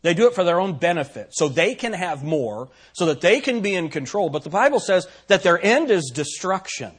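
A man's voice: sits high, sing-song, normal speed, breathy edge. A man preaching a sermon to his congregation, asking rhetorical questions and stressing his points. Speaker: pastor.

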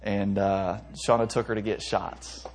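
A man's voice: on the low side, flat delivery, a little slow, a little hiss or hum. A young man, a pastor, preaching a conversational sermon with frequent restarts and light laughs. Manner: conversational preaching with stumbles and self-amused laughs.

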